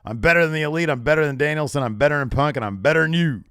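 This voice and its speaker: A man's voice: a little high, rapid-fire, fairly bright tone, clear, resonant tone, no room sound, studio quality. A man putting on a to play a cocky, boastful male wrestler.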